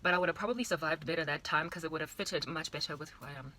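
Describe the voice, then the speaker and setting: A woman's voice: low voice, very fast, pushed and bright, slight background noise. Playful South African woman in her thirties. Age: 30s. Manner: rambling, playful, exaggerated asides. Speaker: vlogger. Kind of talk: casual monologue to camera.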